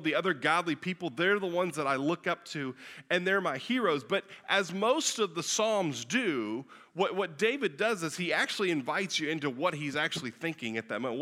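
Bright-voiced man preaching in a reverberant hall. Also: a little high. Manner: conversational preaching with frequent "right?" and repeated restarts. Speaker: pastor. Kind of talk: sermon. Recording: long reverb of a large hall.

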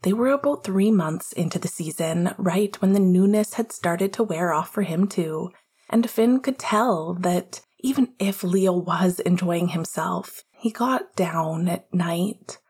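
Woman reading a story out loud, kinda low voice, husky and breathy, calm and gentle. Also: unhurried. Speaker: narrator. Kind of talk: audiobook narration of fiction.

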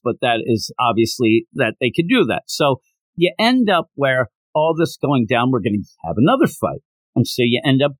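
Guy rambling excitedly on a podcast, voice jumps all over, dry close sound. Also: mid-range voice, no echo, rough recording. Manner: excited, rambling recap with quoted lines. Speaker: podcast host. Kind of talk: casual chat.

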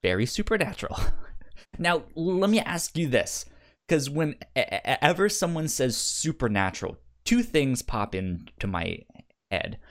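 A man's voice: fairly high pitch, very animated, a little slow. A man co-hosting a casual podcast chat, talking hesitantly with frequent restarts. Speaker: podcast co-host.

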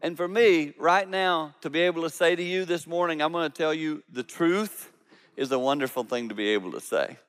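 A man, a lead pastor, preaching a sermon with animated storytelling, jumping between loud emphatic peaks and quiet low asides. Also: brisk, clear, resonant tone, in a large hall.

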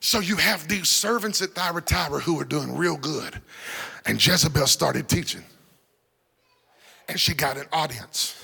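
A male pastor preaching in a church with a high, gravelly voice. His sermon swings from shouted, half-sung phrases to near-whispered asides. The sound carries a long echo from the hall. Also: animated, a little slow, long pauses. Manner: preaching with sudden shouts and sung phrases, then dropping to a hush. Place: church sanctuary.

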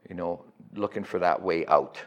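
A man's voice: low-pitched, moderate pace, muffled recording. A middle-aged man telling his recovery story as a guest, candid and profane, often checking in with "right?".

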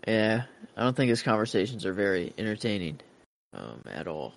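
A man co-hosting a casual podcast, musing about the episode in a halting way with many restarts. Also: on the low side, very animated, vocal fry. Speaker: podcast co-host. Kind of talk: casual rewatch podcast chat.

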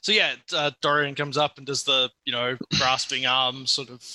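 A man's voice: mid-range voice, flat delivery, normal speed, pushed and bright, dry recording. A man narrating as game master of a tabletop game, setting scenes in a loose, descriptive way.

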